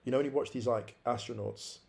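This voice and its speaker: A man's voice: mid-range voice, fairly even intonation, fast, gravelly, a little mellow. A man around forty, a podcast guest, reflectively telling his life story and repeating phrases for emphasis.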